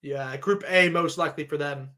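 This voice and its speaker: A man giving a live reaction to a sports draw, excitable and thinking aloud as he keeps addressing his viewers. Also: on the high side, normal speed. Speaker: sports vlogger.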